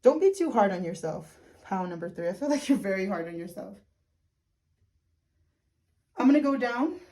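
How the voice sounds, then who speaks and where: A woman's voice: mid-range voice, dark tone. A woman giving a casual, frank tarot reading who laughs often and swears now and then. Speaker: tarot reader.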